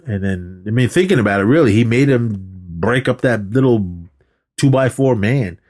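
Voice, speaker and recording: A man's voice: mid-range voice, normal speed, a little mellow. A man co-hosting a podcast, casually retelling a film scene by scene, swearing freely and acting out the quotes. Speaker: podcast co-host. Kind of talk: casual movie recap chat.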